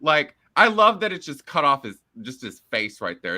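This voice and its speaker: Animated, bright-voiced man hosting. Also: on the high side. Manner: animated, jokey, drawn-out emphasis. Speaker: podcast host. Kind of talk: casual chat.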